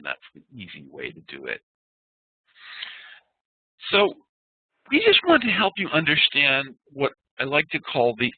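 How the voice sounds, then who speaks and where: A man's voice: medium pitch, dry recording. A man teaching an online class, explaining patiently and spelling out sounds one by one. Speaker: Ayurveda instructor. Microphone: computer mic on a web meeting. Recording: dry, tinny web-meeting audio.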